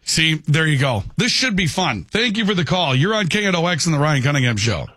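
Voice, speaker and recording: A man's voice: fairly high pitch, very animated, fairly quick, bright, forceful tone. A man hosting a call-in radio talk show, talking conversationally and peppering his points with "okay".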